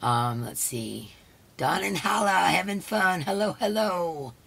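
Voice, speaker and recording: A hoarse woman hosting a casual live stream. She chats along and greets each viewer by name. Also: lowish voice, expressive, slow, a bit bright. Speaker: livestream host.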